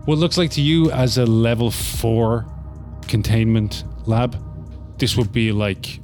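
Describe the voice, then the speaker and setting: A man narrating as game master of a tabletop game, relaxed and full of fillers. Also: medium pitch, slow, faint music behind.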